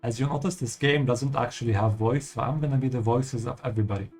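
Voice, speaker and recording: A man's voice: mid-range voice, fast talker, darkish tone, soft background music. Patient male language teacher. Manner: patient, explanatory, ends points with a checking "yeah?". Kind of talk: explanatory lesson over gameplay.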